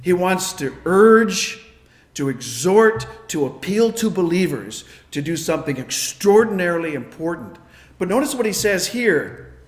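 Animated pastor, high voice, echoey. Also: male voice, unhurried. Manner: animated storyteller, acts out voices and sounds. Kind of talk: sermon with personal story.

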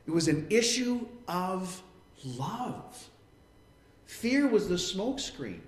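A man's voice: sits high, sing-song, slow, roomy sound. A man preaching a sermon in an earnest tone. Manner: earnest preaching, acting out quoted voices. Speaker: pastor.

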